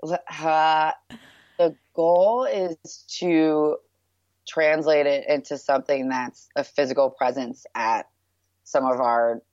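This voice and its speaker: A brand founder in her thirties from New York, USA, chats about her work as a guest in a casual interview, upbeat and loose with many "like" and "um" fillers. Her voice is strikingly deep and low with a darkish tone, fairly even intonation and a slow pace. The lo-fi recording is dull, dry and close, with no room sound.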